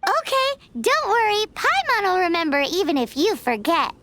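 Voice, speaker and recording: A woman's voice: animated, moderate pace, sharp tone, heavily acted. A woman voicing a tiny, chirpy, food-loving female companion creature in a game cutscene, who speaks of herself by name. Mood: playful. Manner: refers to herself by name, squeaky and indignant. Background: game music.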